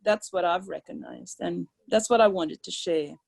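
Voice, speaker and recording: A woman's voice: lowish voice, expressive, normal speed, creaky, a little mellow, rough recording. An older woman, speaking as a caregiver guest on a webinar, earnest and conversational. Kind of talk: sharing personal experience on a webinar.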